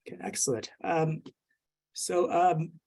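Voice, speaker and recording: A man's voice: on the high side, lively intonation, unhurried, a little mellow. A man moderating a virtual workshop, asking follow-up questions with many restarts.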